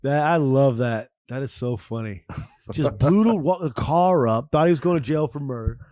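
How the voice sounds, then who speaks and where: A man's voice: mid-range voice, lively intonation, moderate pace, warm tone, dry recording, studio quality. A man co-hosting a podcast who reacts with enthusiasm, says "bro" and makes gunshot noises. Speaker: podcast co-host. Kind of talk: casual chat.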